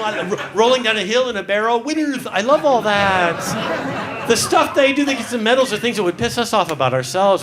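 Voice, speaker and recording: A man's voice: sits high, lively intonation, fairly quick, a crowd in the background, noisy background. Camp, teasing male stand-up comic. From San Francisco, USA. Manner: camp, teasing, full of restarts. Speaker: stand-up comedian. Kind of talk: stand-up with crowd work. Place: comedy club stage. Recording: live club with audience. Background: audience laughing.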